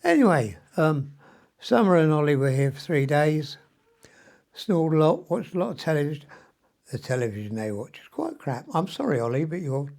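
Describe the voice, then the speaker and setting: A man's voice: on the high side, big pitch swings, moderate pace, vocal fry, a little mellow. A man, rambling through a personal video diary with mild swearing and frequent ums, sounding weak and short of breath from illness. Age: 70s. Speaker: vlogger.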